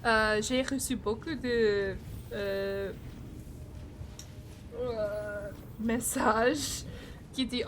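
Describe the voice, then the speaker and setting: A young adult woman chats with her viewers while she plays a game. Her voice sits a little high and her pace is unhurried. She laughs often, pokes fun at herself and reads chat messages aloud. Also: steady tone, slight background noise. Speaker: game streamer. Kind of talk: casual live-stream chat while gaming.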